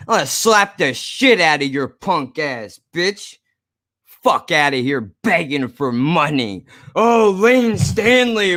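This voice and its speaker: A man with a noticeably high-pitched voice vents straight to camera in a heated video blog. His talk is profane, sarcastic and combative, and he repeats the same jabs over and over. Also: bright, forceful tone, no echo, clean studio sound. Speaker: YouTube creator. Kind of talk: angry ranting vlog to camera.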